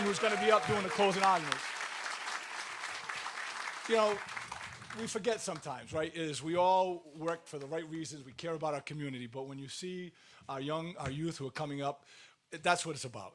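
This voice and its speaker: A man, the mayor, giving a ceremony speech and thanking officials one by one. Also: fairly high pitch. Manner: loud, thankful, listing names.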